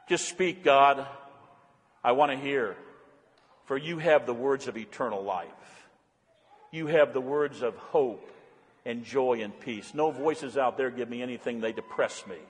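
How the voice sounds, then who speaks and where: A man preaching a sermon as pastor, swinging from raised, fervent calls to hushed, soft-spoken prayer. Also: medium pitch, unhurried, husky. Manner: impassioned preaching, voicing God's call in a raised voice. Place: church sanctuary. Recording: long church reverb.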